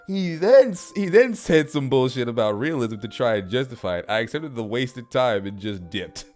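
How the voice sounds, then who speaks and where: Male co-host, lively swinging pitch, laughs a lot, casual chat, faint music under. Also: normal speed. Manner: laughing, animated, swearing. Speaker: podcast co-host. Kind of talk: casual chat reading stories.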